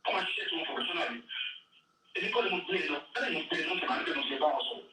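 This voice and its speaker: A Nigerian man answers interview questions at a rapid clip, his voice bright and sharp, with a lively pitch that leaps up and down. He sounds distant in a very echoey room. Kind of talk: interview answers mixing Yoruba and English.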